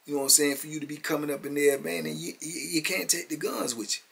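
A man's voice: fairly high pitch, steady tone, fast talker, vocal fry, fairly bright tone, breathy edge. A man in his fifties telling prison stories in a casual, emphatic street-talk monologue, often chuckling and tagging lines with "man".

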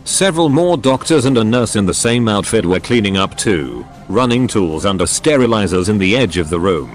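A text-to-speech male voice narrates a story in a lowish register. Its pitch moves in a lively, wide-ranging way, and it reads each character in the same even machine voice. Faint music plays behind it. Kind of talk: synthetic voice reading a story.

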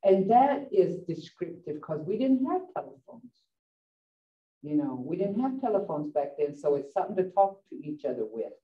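A woman teaching a vocabulary lesson in class. She laughs often and repeats words slowly for the learners. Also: lowish voice, very animated. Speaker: language teacher. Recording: dull lo-fi sound from a distant mic.

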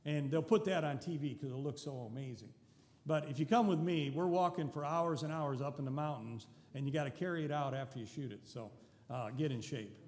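A man's voice: on the high side, fairly quick, a little mellow, a little hiss or hum. Older New man, folksy storyteller. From New Zealand. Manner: folksy, chatty, with restarts and wry asides. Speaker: visiting missionary. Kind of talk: casual storytelling to a congregation. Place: church sanctuary. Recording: long church hall reverb.

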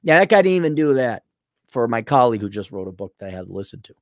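A man's voice: medium pitch, quick pace, no echo, clean studio sound. A middle-aged man ranting bluntly and sarcastically in a vlog monologue. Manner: blunt, sarcastic, animated, mocks others in put-on voices. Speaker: vlogger.

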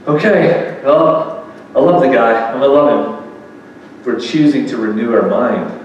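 A man preaches to a live audience in a loose, conversational way, tossing questions to the room. His voice sits at a middling pitch. The recording is distant and washed in long hall echo, with a faint murmur of room noise underneath. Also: unhurried, muffled recording. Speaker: speaker at a faith event. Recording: echoey hall recording from far off.

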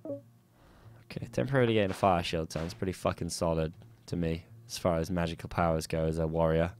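A man doing let's play commentary, swearing and yelling angrily at the enemies in his game. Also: low-pitched, fairly even intonation, fairly quick. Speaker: gaming channel host. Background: faint game music.

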